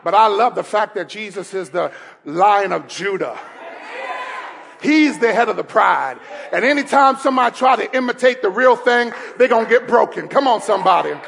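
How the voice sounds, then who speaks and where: A man preaching a sermon as pastor, laughing between lines and building to shouted, repeated calls to the congregation. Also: sits high, expressive, normal speed, vocal fry, a faint crowd. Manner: repeats phrases, laughs while speaking.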